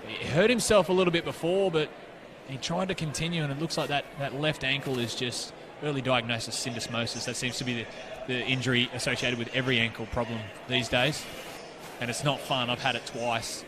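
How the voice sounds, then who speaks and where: A man's voice: medium pitch, steady tone, brisk. Chatty young male rugby co-commentator. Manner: chatty, joking, analytical. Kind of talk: casual sports commentary. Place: commentary box at an outdoor ground. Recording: crowd noise in the background.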